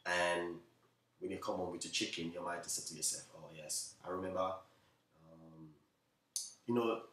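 Jamaican male chef hosting a live stream, quick and repetitive, heard from a distance in a roomy space. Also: deep voice, fairly even intonation, fairly bright tone, slight background noise. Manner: repetitive, keeps saying "you know what I mean"; talks fast, by his own account. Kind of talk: live stream chat to viewers.

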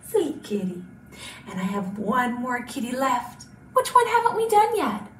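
Animated, high-voiced children's librarian. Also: female voice, moderate pace. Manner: animated, gasping, exaggerated for small children. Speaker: children's librarian hosting storytime. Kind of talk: children's storytime activity. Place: library room. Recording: roomy and distant, faint hiss.

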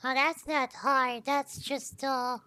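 A woman streamer gives casual game commentary, thinking aloud as she tries things, swearing freely and tacking "yo" onto her lines. Her high voice is steady, slow, bright, and forceful.

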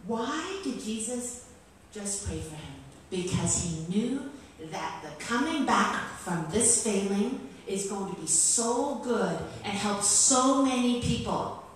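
Keynote speaker: lively, theatrical woman, heard from a distance in a very echoey hall. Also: takes it slowly. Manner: theatrical, playful, leaps in pitch. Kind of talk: animated talk to a writers' group. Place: meeting hall. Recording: very echoey hall, distant mic, faint hum.

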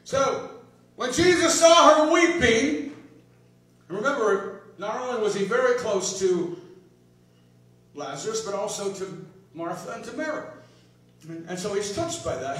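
High-pitched pastor preaching, goes quiet then loud, big echoey church, mic far off. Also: male voice. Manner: swings from hushed to emphatic preaching. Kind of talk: sermon. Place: church sanctuary.

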